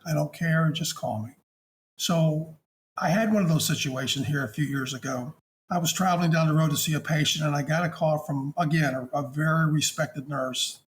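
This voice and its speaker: A man speaks as a hospice chaplain, recounting a patient visit in a gentle, affectionate, conversational manner. His voice sits a little higher than most men's. A faint hiss runs underneath. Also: moderate pace. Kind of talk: conversational storytelling.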